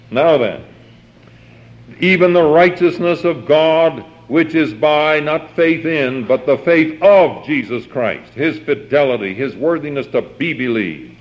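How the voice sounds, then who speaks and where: An older man preaching a sermon, reading scripture aloud and stopping often to explain it, repeating key phrases with emphasis and asking the congregation to answer back. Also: a little high. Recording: dull lo-fi old sermon tape.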